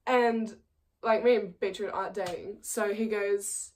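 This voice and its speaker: A woman's voice: medium pitch, fairly even intonation, measured pace, darkish tone. Chatty young woman telling a story. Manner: chatty, filler-heavy, laughing often. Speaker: vlogger. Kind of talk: casual storytime. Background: faint background music.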